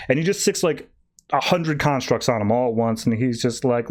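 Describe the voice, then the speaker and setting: A man hosting a podcast, casually recapping a comic issue and voicing the characters in quick, animated asides. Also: fairly high pitch. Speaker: podcast host.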